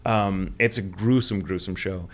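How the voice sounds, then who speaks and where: Deep gravelly american guy rambling candidly in an interview, cusses a lot. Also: steady tone, a little slow. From United States. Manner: rambling, candid, swears freely. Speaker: voice actor guest. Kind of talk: casual interview chat.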